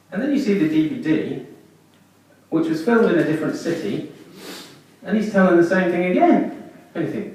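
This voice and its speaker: A man doing a stand-up comedy set at a small comedy club, with animated storytelling and deadpan asides. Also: on the high side, brisk. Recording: echoey club room, distant mic.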